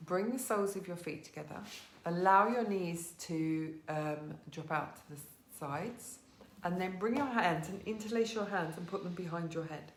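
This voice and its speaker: A woman teaching a live online yoga class from her living room, giving gentle, encouraging cues and greeting students by name. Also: fairly low pitch, moderate pace, reverberant, slight background noise. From England.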